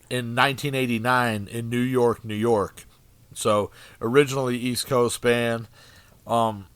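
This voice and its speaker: Smooth-voiced laid-back podcast co-host man. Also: mid-range voice, fairly bright tone, dry recording. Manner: laid-back, profane, filler-heavy. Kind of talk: casual podcast chat. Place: studio.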